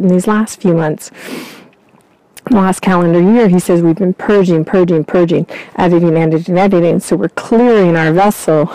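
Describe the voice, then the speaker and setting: A woman hosting a vlog, giving a calm, slow channelled spiritual reading outdoors in winter. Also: lowish voice, no echo, rough recording. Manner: calm, slow, soothing guidance. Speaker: intuitive reader and vlog host.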